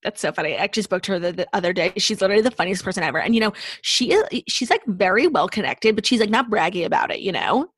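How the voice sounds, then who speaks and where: A young woman co-hosting a podcast in casual chat, talking with lots of "like" and telling stories in an animated way. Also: mid-range voice, rapid-fire, few pauses, slightly rough, no room sound. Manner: chatty, lots of "like", animated storytelling. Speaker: podcast co-host.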